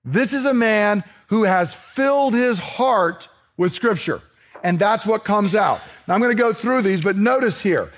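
Male pastor, fairly high voice, emphatic expository preaching. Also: animated. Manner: earnest, emphatic, slows down for scripture readings. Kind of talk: expository sermon.

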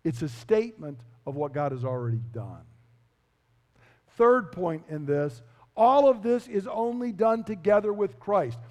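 Brief: male pastor with a high voice, emphatic and repetitive, long hall reverb. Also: lively intonation, unhurried, a little mellow. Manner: emphatic, repeats key phrases, quizzes the congregation. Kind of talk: expository sermon.

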